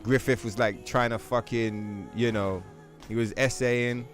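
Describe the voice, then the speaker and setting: A man's voice: mid-range voice, steady tone, unhurried. A young man streaming a game, telling a long rambling story in casual chat with heavy swearing and many fillers. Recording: faint music behind the voice.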